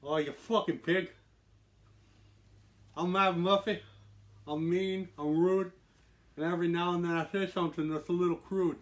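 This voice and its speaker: A mean, crude mob boss, put on by a man for a comic bit. He brags loudly with a swagger, pitched a little above a plain speaking voice and pushed louder than normal talk. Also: steady tone, normal speed, pauses often, natural voice. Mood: boastful.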